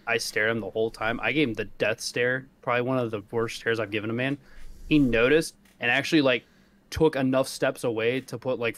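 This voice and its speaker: A man's voice: medium pitch, a bit bright. A man on a podcast telling a rant-filled story in casual chat, swearing often and laughing as he goes. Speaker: podcast co-host.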